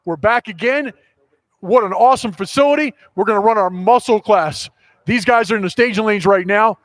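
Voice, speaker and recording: A man hosting a drag racing livestream, giving an upbeat, deliberate intro. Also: sits high, no room sound. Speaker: show host. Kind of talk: scripted show intro.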